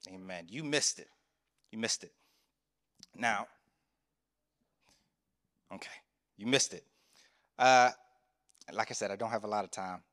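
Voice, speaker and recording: Chaplain preaching in a reverberant chapel. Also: male voice, on the low side, a bit bright. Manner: conversational storytelling, asks the congregation questions. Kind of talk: sermon.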